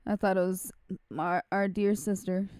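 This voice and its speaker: A woman's voice: medium pitch, level tone, normal speed, background noise. A woman streamer chatting casually and laughing as she plays through a game. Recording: game music behind.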